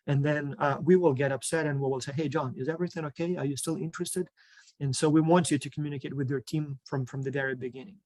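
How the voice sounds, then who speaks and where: A man's voice: on the high side, darkish tone, no room sound. A man explaining a student project program in an online session, informal, with many fillers, listing items one by one.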